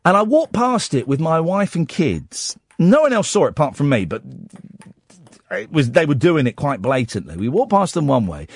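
A man's voice: on the high side, big pitch swings, moderate pace, slightly rough. A man in his forties from Yorkshire with a Yorkshire accent, hosting a radio show with sardonic, self-mocking chat about the news. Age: 40s. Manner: sardonic, self-mocking, reads news items then riffs on them. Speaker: radio host. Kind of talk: casual radio monologue.

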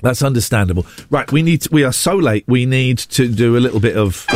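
A man's voice: mid-range voice, expressive, brisk, no room sound, soft background music. A man presenting a morning radio show, playful and upbeat, with sing-song asides. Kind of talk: lively morning radio chat. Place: radio studio. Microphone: studio microphone.

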